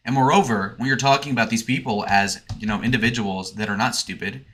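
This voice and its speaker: Fields: Sex: man. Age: 20s. Tone: bright, forceful. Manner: provocative. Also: mid-range voice. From Michigan. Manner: provocative, sarcastic, meandering. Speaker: streamer. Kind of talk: casual rambling monologue.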